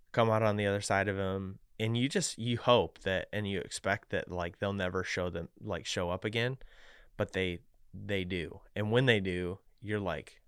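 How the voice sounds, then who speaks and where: Low-voiced man with a frog in his throat. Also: fairly bright tone, smooth, dry recording, clean studio sound. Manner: reflective, halting, many fillers and restarts. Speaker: podcast co-host. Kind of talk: casual chat. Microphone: studio mic.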